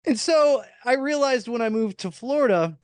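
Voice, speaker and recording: A middle-aged man with a Chicago accent chats as a podcast host, telling stories and laughing often. His voice sits high for a man, and the sound is dry and close. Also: animated, moderate pace, smooth, no room sound. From Midwest US. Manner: chatty storyteller, laughs often. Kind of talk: casual chat.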